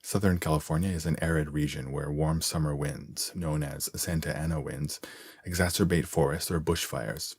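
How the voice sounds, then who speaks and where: A man giving a measured, clear, scripted narration of an English-learning column. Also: extremely low pitch, steady tone, darkish tone.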